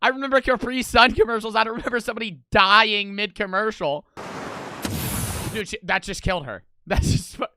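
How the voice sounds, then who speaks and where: A young man casually reacting to old TV commercials, swearing freely and breaking into loud, incredulous outbursts. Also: high voice, fairly quick, smooth, no echo.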